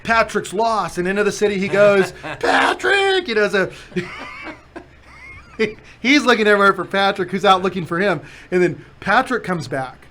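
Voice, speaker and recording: At a normal speed, this male podcast host speaks in a high voice, with a little hiss or hum in the recording. His casual storytelling is lively, full of acted-out quotes and frequent laughter.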